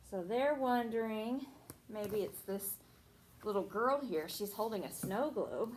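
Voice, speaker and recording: A high-voiced young woman reads a picture book aloud to a small child, her voice rising and falling in a gentle sing-song. She pauses often to ask the child questions. A faint hiss of background noise sits under the recording. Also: animated, rough recording. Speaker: teacher.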